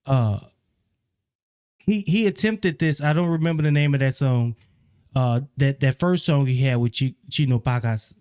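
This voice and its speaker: A man giving a casual, opinionated spoken album review, often repeating himself and growing animated when he criticizes. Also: medium pitch, moderate pace, smooth. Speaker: music reviewer.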